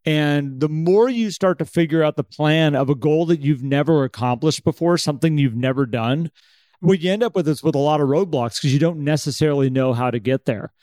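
Full of energy, this podcast co-host chats casually and voices his own inner thoughts aloud like a character. He talks a little fast in a slightly high voice, captured in a dry recording.

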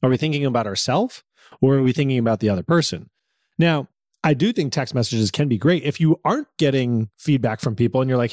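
A man with a mid-pitched voice co-hosts a casual podcast, heard close and dry. He states his opinions plainly and breaks into short laughs between points. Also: animated, fairly quick, a little mellow, no echo. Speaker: podcast co-host.

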